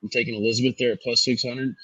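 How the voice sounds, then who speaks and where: A man co-hosting a sports podcast, talking through his betting picks in a measured, analytical way. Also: medium pitch, flat delivery, sharp tone, no room sound, muffled recording. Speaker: co-host.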